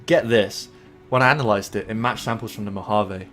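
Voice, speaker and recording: An Englishman reading out an eager young male field agent from a game, in a raised, excited way. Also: lowish voice, brisk, soft background music, lightly acted.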